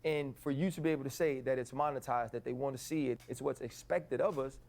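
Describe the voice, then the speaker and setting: A man's voice: medium pitch, steady tone, fast, a little mellow. A podcast host questioning his guest earnestly and pressing him with probing questions. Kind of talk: podcast interview.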